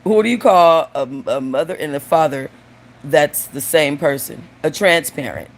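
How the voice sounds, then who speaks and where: A woman's voice: low voice, animated, normal speed. A woman hosting her own show, telling stories and jokes in a casual, crude and blunt way while addressing her audience directly. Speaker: host. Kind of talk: casual storytelling and joke telling.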